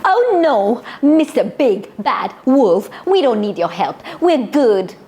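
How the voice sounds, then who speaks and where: A woman voicing a polite, sensible young girl in a children's story enactment, with a bright, earnest delivery. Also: a little high, big pitch swings, slow.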